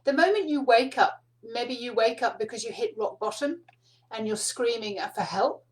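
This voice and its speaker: A middle-aged woman hosting a spiritual card reading, speaking softly and meanderingly with fillers and small laughs. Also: on the high side, moderate pace, rough recording. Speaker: spiritual card reader and host. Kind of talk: casual spoken teaching to camera.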